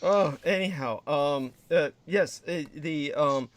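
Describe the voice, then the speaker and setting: A man's voice: on the high side, slow, no echo. A man hosting a livestream, talking casually with lots of ums and uhs and flustered exclamations. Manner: flustered, exclaiming, many fillers. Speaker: livestream host.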